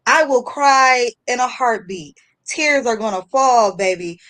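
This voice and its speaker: High-voiced woman telling a story. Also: unhurried. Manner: animated storyteller, acting out voices. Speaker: livestream guest. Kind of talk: casual storytelling chat.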